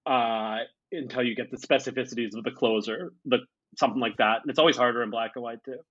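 A man's voice: medium pitch, fast talker, slightly rough. Podcast co-host, laid-back man, hedgy, slightly muffled mic. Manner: relaxed, hedging, lots of "like" and "uh". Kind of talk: casual film chat. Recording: slightly dull recording.

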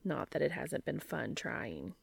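A woman reading an audiobook and voicing a shy, emotional young man in a low, breathy voice. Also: very animated, unhurried, dry recording, exaggerated voice. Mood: tender.

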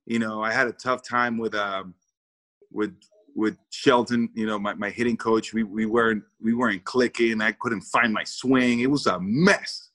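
A man's voice: lowish voice, steady tone, normal speed, fairly bright tone, low-quality recording. A man, a former baseball player, telling a story in an interview with lots of repeated words, acted-out quotes and laughter.

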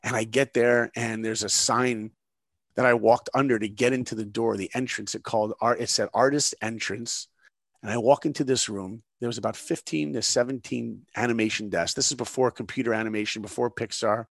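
A man's voice: mid-range voice, fairly quick, vocal fry, dry recording, studio quality. A middle-aged man from New York, a guest in an interview, telling a story and acting out the voices in it. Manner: animated storyteller, acts out dialogue.

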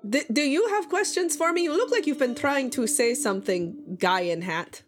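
A talking haunted sword from the depths, voiced by a woman with a strange put-on accent and a pitch that swoops up and down. It speaks in a fussy, deliberate way and sounds put out. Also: animated. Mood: indignant. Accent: put-on fantasy accent.

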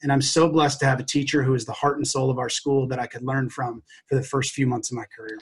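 A man, an educator, telling a personal story to a podcast host in an earnest, heartfelt way, often halting and restarting his sentences. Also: medium pitch, steady tone, slightly rough. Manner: acts out quoted dialogue.

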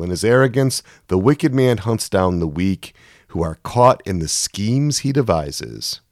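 A man with a low-pitched voice delivers a sermon, reading scripture verses with surging, anguished intensity between plainer stretches of explanation. The sound is dry and close, with no room echo. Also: animated, measured pace, darkish tone. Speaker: preacher.

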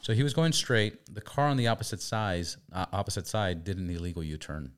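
Very deep-voiced male storytelling host. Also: fairly quick, clean tone. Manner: animated storyteller, swears, acts out quotes. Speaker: podcast host. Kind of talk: casual storytelling chat.

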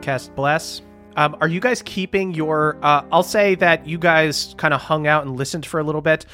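A man's voice: fairly high pitch, normal speed, soft background music. A man narrating as game master in a tabletop game, describing scenes loosely with plenty of "like" and "um". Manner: relaxed, loose narration full of "like" and "um".

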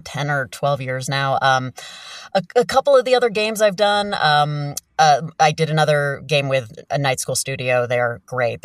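A woman's voice: very deep voice, no room sound, studio quality, far from the mic. A woman from northern New Jersey, a voice actor, chatting as a guest in a casual interview with many ums and restarts. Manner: hesitant, lots of ums and restarts. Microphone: remote call from a small home booth.

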